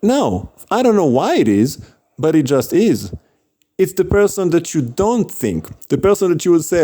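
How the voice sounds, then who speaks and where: A man's voice: a little high, very animated, normal speed, mellow. A man casually telling a story about street preaching, chatty, with frequent laughs and fillers.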